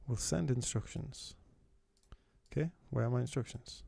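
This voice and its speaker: Gravelly guy streaming, muttering to himself, dry close sound, typing in the background. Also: medium pitch, normal speed, warm tone, dry recording. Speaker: streamer giving feedback. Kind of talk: casual live-stream chat.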